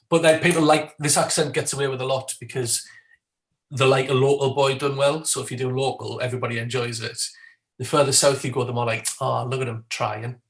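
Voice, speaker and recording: A Geordie comedian from Newcastle, England, chatting fast and jokily as a guest, laughing often. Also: male voice, medium pitch, steady tone, roomy sound, low-quality recording. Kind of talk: casual chat.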